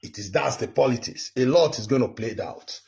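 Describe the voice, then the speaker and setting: Speaking briskly in a mid-range voice with vocal fry and a darkish tone, a political commentary vlogger in his fifties from Edo State, Nigeria, addresses the camera directly. His political monologue is heated, indignant and repetitive.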